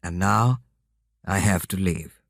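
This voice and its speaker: A soft-spoken young king, sad and earnest, as a man reads him aloud. His lines come slowly and deliberately, in a low voice with a dry, close sound. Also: vocal fry, no room sound, exaggerated voice. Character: young male king, gentle and sorrowful. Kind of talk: audiobook character reading.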